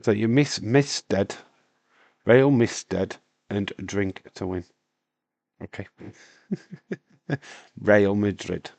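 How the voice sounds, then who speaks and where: A man, hoarse with a breaking voice, hosting a live stream in a casual, rambling chat while answering viewer comments. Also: lowish voice, very slow, long pauses, darkish tone, no room sound. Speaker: wrestling stream host.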